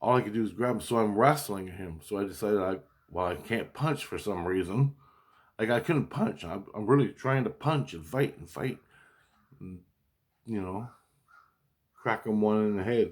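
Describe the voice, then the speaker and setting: Low-voiced man, rambling and profane. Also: moderate pace. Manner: profane, agitated storytelling with frequent restarts. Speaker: vlogger recounting a dream. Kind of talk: rambling casual monologue.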